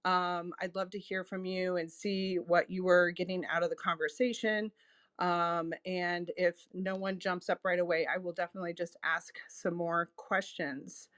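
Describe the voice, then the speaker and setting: Female host, relaxed talker, slightly low pitch, very dry close recording. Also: normal speed, no room sound. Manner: warm, chatty, many ums and laughs. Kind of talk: casual chat.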